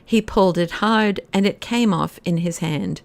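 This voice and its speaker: Low-voiced woman narrating a classic novel. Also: normal speed, vocal fry. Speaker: audiobook narrator.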